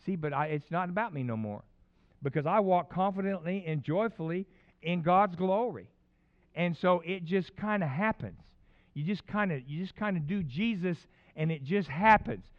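Chatty pastor, a man with a rather high voice. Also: normal speed, muffled recording. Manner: rambling, chatty storytelling with many restarts. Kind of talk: sermon with personal stories.

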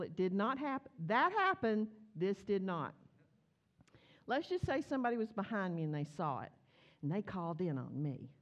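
A woman's voice: medium pitch, highs cut off. A woman preaching a sermon, telling a story and acting out the voices in it. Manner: animated, acts out voices in her stories.

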